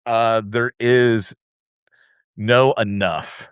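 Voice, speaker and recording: A man's voice: medium pitch, fairly even intonation, very slow, clear, resonant tone, no echo, clean studio sound. A man co-hosting a podcast, telling casual anecdotes full of fillers and asides. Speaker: podcast co-host. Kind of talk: casual chat.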